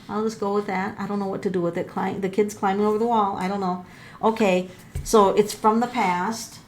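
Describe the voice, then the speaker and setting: A middle-aged woman who works as a tarot reader and numerologist does a casual reading for her viewers, addressing them directly as folks. She thinks out loud, exclaiming and gasping at the cards, in a mid-range voice with slight hiss or hum.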